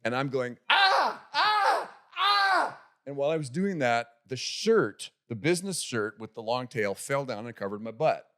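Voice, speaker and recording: A man tells a comic story on a podcast at an average pitch. He stumbles and repeats words as he goes, and he slips into the voices of the people in his tale. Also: expressive, moderate pace, hardly any pauses. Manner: restarts and repeats words often. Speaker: podcast guest. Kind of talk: comic anecdote telling. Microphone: podcast studio microphone.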